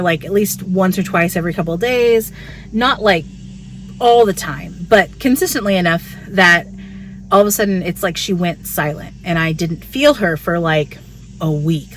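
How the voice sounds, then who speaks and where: A woman's voice: fairly low pitch, a little hiss or hum. A woman, giving a candid, chatty pregnancy update. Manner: chatty and candid, frequent "like" fillers. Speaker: vlogger. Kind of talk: casual pregnancy update vlog.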